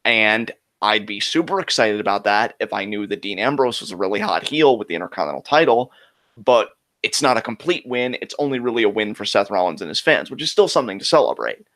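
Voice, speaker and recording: A man's voice: lowish voice, lively intonation, fast talker, fairly bright tone. A man co-hosting a wrestling talk show, ranting with frustration and heavy swearing. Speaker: wrestling podcast co-host. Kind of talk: heated casual chat.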